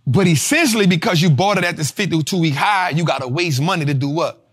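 An animated man teaching a class on stock investing, speaking. His voice sits a little higher than most men's. He talks straight to the room and keeps his listeners involved. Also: fast, husky. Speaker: investing teacher and show host. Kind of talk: live classroom lecture.

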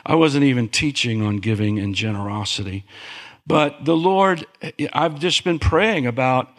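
A man preaching a sermon as pastor, animated, with big pitch swings and calls for amen. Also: measured pace.

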